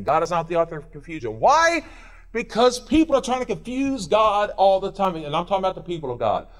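A male pastor preaching a sermon in a church, swinging between loud urging and quiet intensity. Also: sits high.

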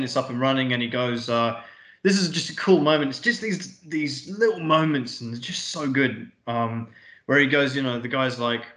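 Bright and forceful, a medium-pitched man co-hosts a podcast where he casually recaps a film one scene at a time. He rambles through offhand paraphrases of the dialogue and swears a lot, heard in an echoey room.

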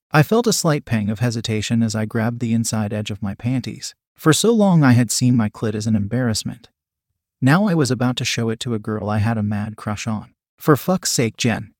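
A man reading a first-person story aloud in a steady, even manner. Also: mid-range voice, no echo, studio quality. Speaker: audiobook narrator.

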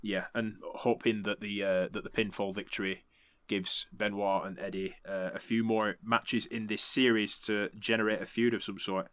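A man's voice: fairly low pitch, level tone, normal speed, a bit bright, clean tone, dry recording. A man hosting a podcast, recapping events in a chatty, laughing way and swearing freely. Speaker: podcast host. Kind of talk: casual recap commentary.

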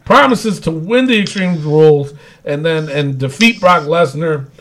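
A man's voice: on the high side, a little slow, a bit bright. A man co-hosting a podcast, chatting casually and rambling through a wrestling recap with frequent restarts. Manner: rambling, restarts, laughs often. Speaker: podcast co-host.

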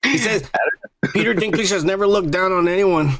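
A man's voice: high-pitched, normal speed, crowd noise. A man co-hosting a casual podcast, talking in a profane, laughing, rambling way. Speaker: podcast co-host. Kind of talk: casual drinking chat.

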